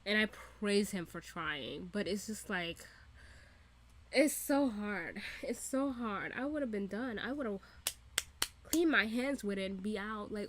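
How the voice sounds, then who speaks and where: A young woman hosting a casual reaction video, animated and profane, laughing often as she rants. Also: medium pitch, a little slow.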